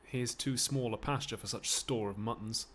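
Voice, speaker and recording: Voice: medium pitch, moderate pace, a bit bright, slight background noise, voice pushed down, lightly acted. A streamer reading the part of a lovesick young nobleman in a live amateur read-through of a play. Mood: bantering. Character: young lovesick male nobleman, moony and wordy.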